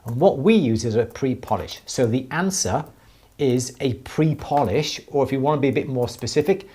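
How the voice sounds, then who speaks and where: A man's voice: mid-range voice, normal speed, warm tone, slightly rough. A man hosting a live jewellery Q&A, explaining techniques enthusiastically and with many restarts. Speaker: jewellery teacher, show host. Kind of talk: live Q&A stream.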